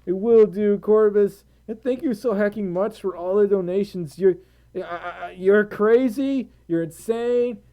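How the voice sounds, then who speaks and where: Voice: mid-range voice, a little slow, warm tone. A tired American streamer chatting casually on a live stream, giggling and rambling while reading out viewer donations. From United States.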